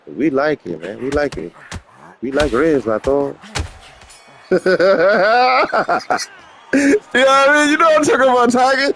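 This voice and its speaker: A man voicing a laid-back streetwise homeboy with a slow, teasing drawl. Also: high-pitched, expressive, a bit bright, slight background noise, voice pushed up, exaggerated voice. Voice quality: drawling, calls everyone homie and vato.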